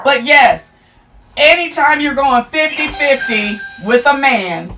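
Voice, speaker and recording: A woman's voice: sits high, slow pace, over music. A woman hosting a live stream, talking bluntly and profanely in a casual rant, answering her chat.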